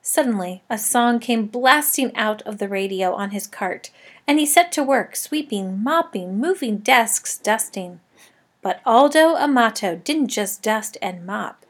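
A woman narrating a children's story in the first person with a lively, expressive reading. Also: mid-range voice, measured pace. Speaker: audiobook narrator.

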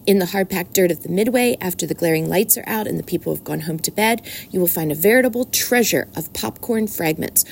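A woman voicing a wise, persuasive old barnyard sheep in a storybook reading, slowly savoring long lists. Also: fairly low pitch, vocal fry, a little mellow, slight background noise.

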